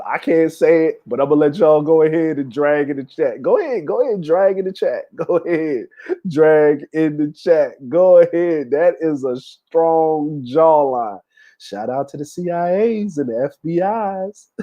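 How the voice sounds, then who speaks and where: A man's voice: on the high side, moderate pace, highs cut off. A man hosting a casual livestream, talking loosely to his chat with frequent fillers and laughter. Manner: laid-back, laughing, talks to chat with many fillers. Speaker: show host.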